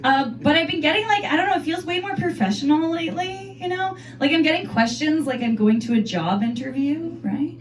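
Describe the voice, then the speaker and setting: A woman's voice: high-pitched, lively intonation, a little fast, few pauses, reverberant, far from the mic. A young woman doing a chatty, self-deprecating stand-up comedy set in a club, often breaking into giggles.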